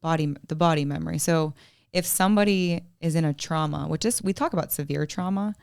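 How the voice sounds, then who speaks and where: A woman mental health counselor in casual podcast chat, telling stories animatedly with quick asides. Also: deep voice, creaky, a little mellow, clear, resonant tone, dry recording, clean studio sound.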